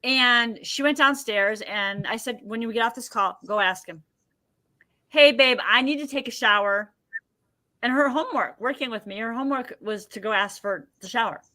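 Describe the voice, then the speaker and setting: A woman's voice: a little high, moderate pace. A woman guest on a podcast interview, telling personal stories and acting out what people said. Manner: animated storyteller acting out quotes. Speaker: podcast guest, emotion healer.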